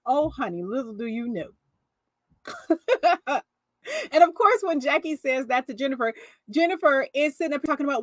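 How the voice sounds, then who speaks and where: A woman's voice: sits high, normal speed, dry recording. Sassy woman dishing reality-TV gossip. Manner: sassy, animated storytelling with frequent laughs. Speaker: reality TV commentator. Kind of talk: casual reality-show commentary.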